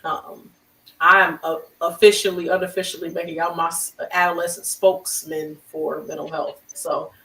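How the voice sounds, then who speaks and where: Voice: mid-range voice, level tone, normal speed, vocal fry, fairly bright tone, echoey room, distant mic, low-quality recording. A therapist hosting a show on a video call, speaking with effusive, emotional, faith-filled encouragement. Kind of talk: warm encouraging closing remarks on a live web show.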